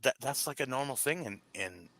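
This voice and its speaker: A man in a casual comedic chat, talking in halting bursts with casual swearing. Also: mid-range voice, animated, bright, forceful tone, dry recording.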